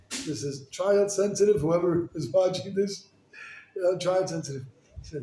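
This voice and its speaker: A rabbi telling stories in a sermon, animated and casual, full of "like" and "you know.". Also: male voice, high voice, moderate pace. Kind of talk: storytelling sermon. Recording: echoey room with faint noise.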